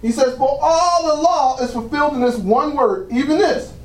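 This very high-voiced man preaches at normal speed, recorded from a distance in a church sanctuary with roomy acoustics. Each point gets a "praise God," drawing amens back from the congregation in call-and-response.

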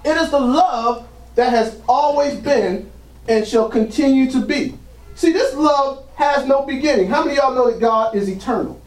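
A man's voice: extremely high pitch, normal speed. A preacher man delivering a sermon, heard from some distance off the mic in a roomy church. He keeps dropping "praise God" between thoughts and draws amens back from the room. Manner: punctuates lines with "praise God", drawing call-and-response. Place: church sanctuary. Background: congregation answering amen.

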